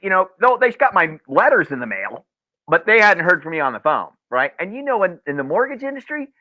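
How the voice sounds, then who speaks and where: In a webinar, a male mortgage loan officer coaches other loan officers on sales, telling stories animatedly and repeating key phrases again and again. His voice is on the high side, and the line sounds tinny, dry, and phone-like with no echo.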